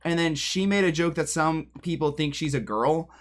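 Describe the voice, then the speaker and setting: A man with a fairly high voice talks casually to his livestream chat from a room at home. He rambles and jokes as he goes, and his voice sometimes drifts off the mic when he moves around. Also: moderate pace. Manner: drifts away from the mic while moving around.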